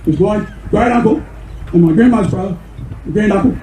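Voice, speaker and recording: Fiery older Australian man, high-pitched. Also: brisk. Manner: fiery, indignant, often shouting. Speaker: member of parliament. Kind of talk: rally speech. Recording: echoey room with faint noise.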